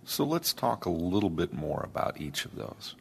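A man giving a lesson on speech, speaking slowly and deliberately. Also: deep voice, big pitch swings, gravelly, a little hiss or hum. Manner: slow, deliberate, demonstrates voice placement. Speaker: accent teacher. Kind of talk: lecture.

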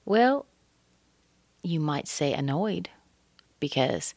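Low-voiced middle-aged lady coaching pronunciation, slow and careful, dry close sound. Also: expressive, a little mellow, no room sound. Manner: models rhythm with sung-out syllables and slow, stretched words. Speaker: English pronunciation teacher. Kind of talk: accent lesson.

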